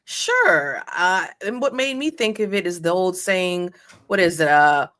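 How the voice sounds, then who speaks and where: A woman co-hosting a morning show chats casually and rambles through fillers. Her voice sits a bit low, and the studio sound is dry and close. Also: expressive, unhurried, a bit bright, no echo. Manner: rambling, with fillers and self-corrections. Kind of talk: casual chat.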